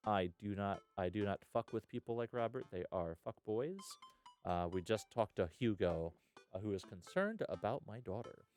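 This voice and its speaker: Laid-back low-voiced male streamer. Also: expressive, normal speed, a little mellow, soft background music. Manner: laid-back, rambling, lots of "uh" and "hell yeah". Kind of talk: casual live-stream chat.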